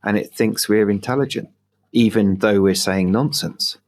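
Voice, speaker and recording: A man's voice: on the low side, moderate pace. A British man co-hosting a podcast, chatting casually with a dry, wry wit. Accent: British English. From Britain. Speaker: podcast co-host. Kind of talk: casual chat.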